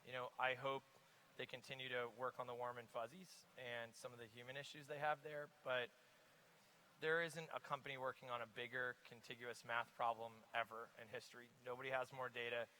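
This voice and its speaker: Investor guest, bright forceful voice, lively storyteller on a conference stage. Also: male voice, medium pitch, brisk, a little hiss or hum, low-quality recording. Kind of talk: onstage conference interview.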